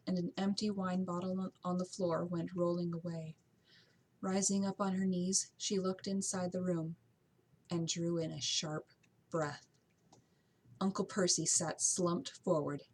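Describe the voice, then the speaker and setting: A woman reads a novel aloud in a steady amateur audiobook style, now and then stumbling and restarting a word. Her voice sits fairly low and has a husky, breathy grain. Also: rough recording. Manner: steady reading with occasional slips and restarts. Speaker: narrator.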